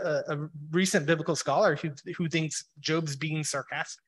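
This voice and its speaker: On a religious podcast, a man gives a casual, rambling explanatory talk on religion, peppered with "you know" and "like." His voice is a little high and a bit bright, with a steady tone, moderate pace, and few pauses.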